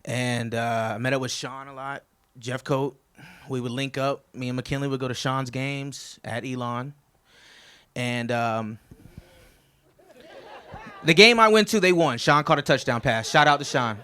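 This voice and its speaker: A man's voice: medium pitch, measured pace, long pauses, sharp tone, clear, resonant tone. A man, the best man at a wedding reception, telling stories about the groom in a chatty, joking toast.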